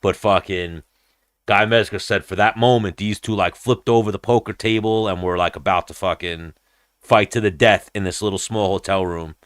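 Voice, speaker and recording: Low-voiced man telling a rambling story. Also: fairly even intonation, normal speed, dry recording, clean studio sound. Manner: rambling, profane, acts out quoted voices. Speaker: podcast host. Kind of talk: casual storytelling chat.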